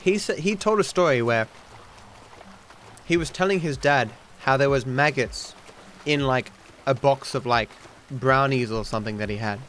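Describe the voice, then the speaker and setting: A male streamer chats while he plays, rambling from one thought to the next and answering comments as they come in. His voice sits at an ordinary middle pitch, with a faint layer of noise under it. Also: moderate pace, fairly bright tone. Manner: chatty, rambling, reacting to chat. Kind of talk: casual livestream chat while gaming.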